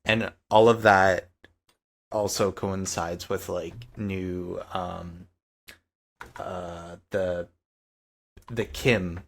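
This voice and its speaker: Deep-voiced guy chatting slowly on a gaming podcast, kinda hesitant. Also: steady tone, creaky, a bit bright. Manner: hesitant, many fillers. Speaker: podcast co-host. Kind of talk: casual chat.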